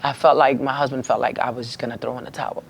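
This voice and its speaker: Woman telling a personal story on a podcast, earnest, gets louder and higher when upset. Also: steady tone, very fast, creaky, slight background noise. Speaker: podcast guest.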